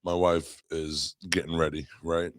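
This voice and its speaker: A man's voice: rumbling low, little pitch movement, unhurried, dry recording. A man co-hosting a casual chat show, telling rowdy stories and laughing as he goes. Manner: laughs through rowdy storytelling. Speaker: podcast co-host. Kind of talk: casual banter.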